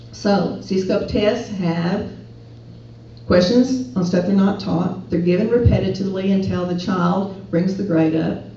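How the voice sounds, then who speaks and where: A woman's voice: lowish voice, dark tone, slight background noise. Woman speaking in an echoey hall. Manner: earnest, persuasive, addresses audience with questions. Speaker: speaker at a political rally. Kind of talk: public speech. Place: event hall. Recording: echoey hall, distant and dull.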